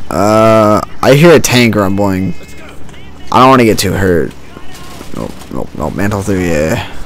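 Joking man narrating gameplay, low-voiced. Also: expressive, a little slow, faint music behind. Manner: joking, sarcastic running commentary. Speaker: gaming channel host. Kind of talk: let's-play commentary. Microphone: home desk mic with a homemade pantyhose pop filter.

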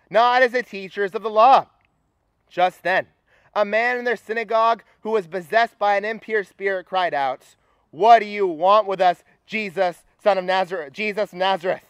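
A young adult man preaching a sermon at a campus retreat, energetic and rallying the crowd. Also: high voice, no room sound.

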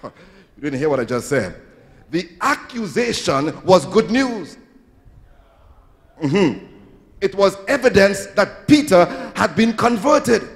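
A male pastor preaching a sermon in a church, with sing-song swells and acted-out quotes. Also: sits high. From Trinidad and Tobago. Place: church sanctuary. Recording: reverberant church hall.

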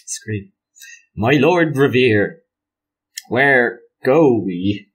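A man voicing an awkward, dazed old male warrior greybeard who speaks haltingly and formally. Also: medium pitch, expressive, darkish tone, slightly rough, full character voice.

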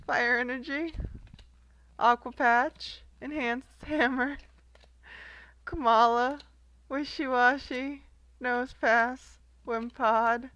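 A young woman vlogs at an unhurried pace, her voice bright and slightly high. She giggles between lines and reads out names one by one in a relaxed, chatty way. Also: no room sound. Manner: slow, giggly, reading card names aloud. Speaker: card collector vlogger. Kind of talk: casual unboxing chat.

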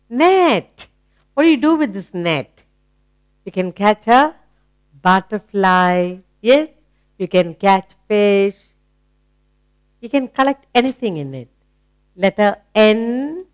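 Slow, encouraging woman teaching phonics. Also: medium pitch. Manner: slow, encouraging, sounds out letters. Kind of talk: children's phonics lesson.

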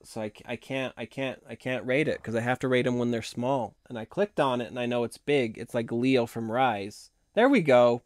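A hoarse man hosting a casual live stream, chatting in a rambling way and laughing often. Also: medium pitch, moderate pace, few pauses, no echo, clean studio sound. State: hoarse from long talking.

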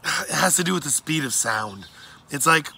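A man's voice: on the high side, expressive, normal speed, vocal fry, pushed and bright, slightly rough, voice pushed up, heavily acted. A man doing an earnest young boy. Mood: explaining. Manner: earnest, explaining.

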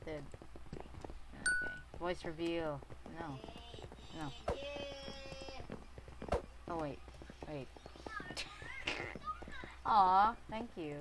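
Light-voiced woman gamer, unhurried. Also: fairly low pitch, very noisy. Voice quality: light, thin voice. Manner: excitable, chatty, bursts into laughter and cheers. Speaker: gaming YouTuber. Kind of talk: casual gameplay commentary.

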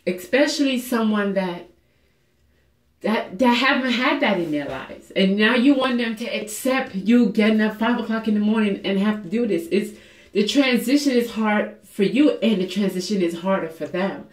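A woman's voice: mid-range voice, moderate pace. A woman talking candidly and emotionally in a personal fitness vlog, earnest and confessional, with many fillers. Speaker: fitness vlogger. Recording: echoey room.

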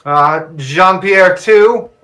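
A man's voice: sits high, drawn-out words, pushed and bright. A man acting as game master, chatting and laughing as he calls out dice rolls. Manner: chatty, laughs often, thinks aloud over dice rolls. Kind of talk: narrating a tabletop game on a live stream.

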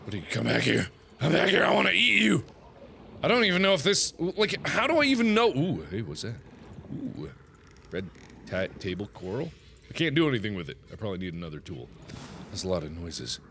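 A man's voice: medium pitch, wildly swooping pitch, a little fast, creaky, bright, forceful tone, slight background noise. A man commentating his own gameplay, nervous and easily startled, with panicky exclamations and nervous laughs. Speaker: let's play host. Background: game music.

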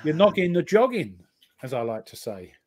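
A man's voice: fairly high pitch, big pitch swings, moderate pace, darkish tone. A middle-aged British man co-hosting a casual live stream, teasing with dry jokes. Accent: British English. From Britain. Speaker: co-host.

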